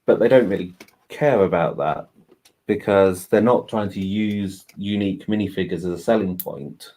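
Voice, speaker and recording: A man's voice: sits low, normal speed, a little mellow. A man co-hosting a livestream, chatting casually and explaining at length with lots of "you know" while building. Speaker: co-host. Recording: faint background noise, home livestream.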